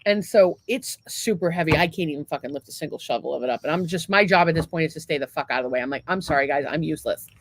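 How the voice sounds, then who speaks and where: A woman podcast co-host telling a story in casual chat, animated, laughing often and swearing freely. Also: deep voice, rapid-fire, hardly any pauses, no echo.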